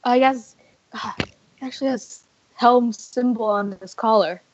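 A woman's voice: a little high, measured pace, no room sound. A woman speaking casually as a player in a tabletop game, hesitant and full of fillers. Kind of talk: casual in-character tabletop play. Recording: dull lo-fi sound.

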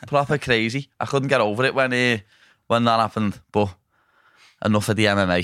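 A young man hosting a podcast, telling stories in a laddish, swearing, animated way. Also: medium pitch, a little fast, clean tone, no room sound, studio quality. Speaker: podcast host, fighter. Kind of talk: casual chat.

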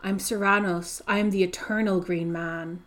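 A woman reading aloud as an ancient, roaring male tree monster, speaking in grand, booming declarations. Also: steady tone, moderate pace, fairly bright tone, lightly acted. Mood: grandiose.

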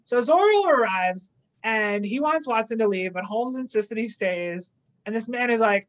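A woman's voice: fairly high pitch, animated, moderate pace, low-quality recording. A young adult woman in casual chat, animatedly recapping an episode and slipping into playful quoted asides. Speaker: podcast co-host.

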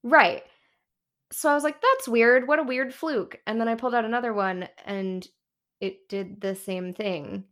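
A woman's voice: fairly high pitch, a little slow, a bit bright. A woman co-hosting a podcast in casual chat, telling a story full of fillers and quoted reactions. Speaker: podcast co-host.

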